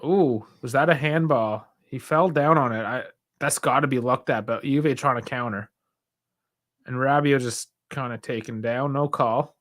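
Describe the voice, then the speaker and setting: Speaking a little slowly in a medium-pitched, fairly bright voice, this young man runs a football watch-along stream. He offers casual live commentary, reacting with sighs and laughs and chatting with his viewers.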